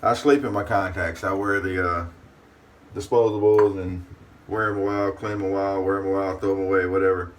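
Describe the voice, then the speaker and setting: In his bathroom, a man with a low voice hosts his shaving channel, talking a little fast and flatly as he chats casually to the camera. He's folksy and speaks about himself in the third person, and the mic is distant with faint room noise.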